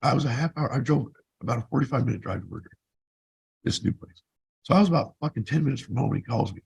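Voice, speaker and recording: A man's voice: medium pitch, animated, fast, vocal fry, a little mellow, husky, poor audio. A man in his fifties who vlogs, telling his own story in a blunt, profane, rambling way. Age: 50s. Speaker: vlogger. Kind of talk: casual personal storytelling.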